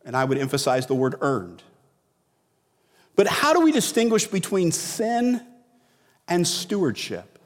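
A man's voice: a little high, wildly swooping pitch, a little slow, pauses often, in a large hall. A middle-aged man preaching a sermon in a conversational way, repeating words and asking rhetorical questions. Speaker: pastor.

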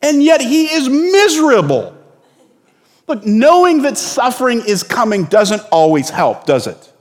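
A man's voice: extremely high pitch, huge pitch swings, unhurried, big-room sound. A male pastor preaching a sermon in a conversational, storytelling way with sudden bursts of emphasis.

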